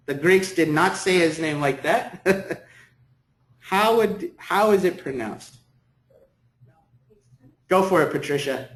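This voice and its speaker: A man's voice: a little high, slow pace, long pauses, a bit bright. A man teaching a classroom lecture, encouraging students and repeating words for them. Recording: echoey classroom.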